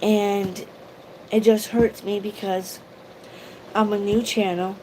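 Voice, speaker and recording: A woman's voice: medium pitch, level tone, slow pace, background noise. A woman vlogger chatting casually on a livestream, rambling emotionally and greeting viewers by name. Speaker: YouTube vlogger.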